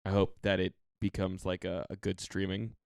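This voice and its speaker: A man's voice: sits low, completely flat delivery, moderate pace, a little mellow, clean tone, no echo, studio quality. A young man co-hosting a podcast, rambling casually with lots of fillers. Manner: rambling, filler-heavy, easygoing. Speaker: podcast co-host. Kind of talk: casual chat.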